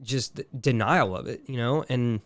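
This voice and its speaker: A man's voice: mid-range voice, measured pace, dry recording. A man from the United States co-hosting a casual podcast, his voice sitting mid-range. He rambles and restarts, sounding exasperated, and the close mic gives a dry, dead sound. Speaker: podcast co-host. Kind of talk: casual chat.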